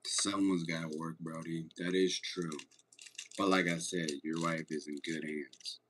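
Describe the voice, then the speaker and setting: A man's voice: deep voice, flat delivery, unhurried, fairly bright tone, a little hiss or hum. A man streaming casually, chatting with viewers and joking around in a laid-back way. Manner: laid-back, joking, reads chat aloud. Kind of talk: casual livestream chat.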